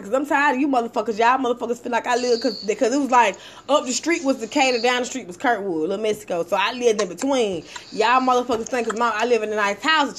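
Profane animated woman, high voice. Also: a little hiss or hum. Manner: profane, animated, acts out quotes. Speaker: storyteller in a casual talk. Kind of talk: casual chat, storytelling.

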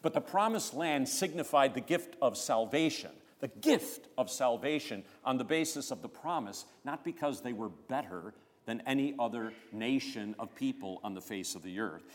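A man preaching a sermon as pastor, emphatic, swelling loud on key phrases and dropping low between them. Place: church sanctuary. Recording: long church reverb.

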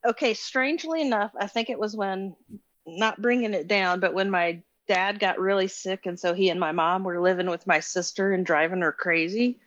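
A woman with a Southern US accent chats casually as a caller. Her voice sits at a middle pitch, and the recording is dry and close. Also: steady tone, normal speed, a bit bright, dry recording, dull audio. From Southern United States. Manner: chatty, tells family stories. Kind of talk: casual chat.

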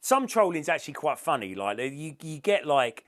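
A man's voice: a little high, sing-song, normal speed, fairly bright tone. A man on a podcast, blunt and swearing, restarting his sentences. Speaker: podcast co-host. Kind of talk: casual chat.

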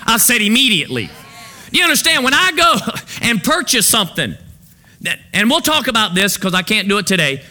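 Very animated and brisk, a male pastor fires fill-in-the-blank questions at his congregation during a sermon. His high, vividly bright voice remains sharp and forward the whole way through.

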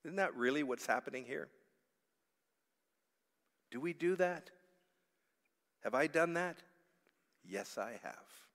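A man preaching a sermon as pastor, swinging between hushed reflection and loud, pleading passages. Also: medium pitch, animated, takes it slowly, long pauses. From Canada. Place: church sanctuary. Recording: church hall reverb.

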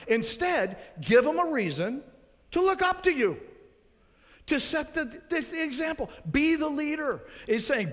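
A man's voice: very high-pitched, big pitch swings, a little slow, fairly bright tone, in a large hall. A man preaching a sermon as pastor, earnest, putting rhetorical questions to his congregation.

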